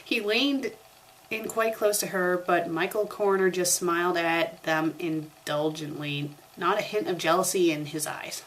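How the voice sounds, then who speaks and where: A woman's voice: lowish voice, steady tone, unhurried. A young woman reading a story aloud for a comedic review, breaking off for sarcastic asides. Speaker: fanfiction reviewer.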